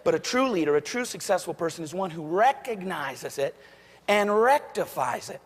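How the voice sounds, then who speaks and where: Man, motivational keynote, storytelling, higher voice, big echoing hall. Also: expressive, moderate pace, breathy edge. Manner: storytelling, acts out quoted voices. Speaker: keynote speaker.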